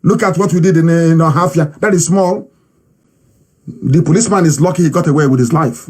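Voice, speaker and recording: A man with a Nigerian accent giving a fiery, defiant political broadcast speech, repeating phrases for emphasis and sometimes shouting. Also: a little high, brisk, husky. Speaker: political movement leader giving a live address.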